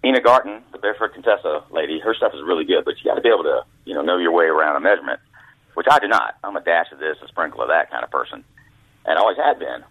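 A man with a low, husky voice tells folksy stories as a guest, slipping into other people's voices. His pitch swings widely. The line is thin and phone-like, with no room echo. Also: lively intonation, rapid-fire. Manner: folksy anecdotes, acts out voices. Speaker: guest author, former caddy. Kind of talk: storytelling interview. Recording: dry tinny phone line.

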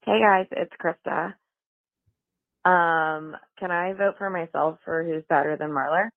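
Woman leaving a shy voicemail, lots of ums, flat tone, tinny phone line. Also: fairly low pitch, unhurried, creaky, no echo. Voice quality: hesitant, many ums. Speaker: voicemail caller. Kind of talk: voicemail message.

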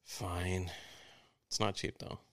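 Laid-back low-voiced podcast host, a man. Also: little pitch movement, slow, a bit bright. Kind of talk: casual chat.

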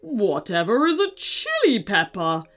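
A woman voicing a grumpy, hot-headed male dragon who talks slowly and sneers. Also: mid-range voice, big pitch swings, faint music behind. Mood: sneering. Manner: slow, sneering and boastful.

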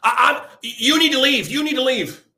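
A man's voice: very high voice, animated, moderate pace, creaky, bright, forceful tone, pitched above the performer's own voice, exaggerated voice. A man putting on a panicky, stammering male bystander who shrieks near tears.

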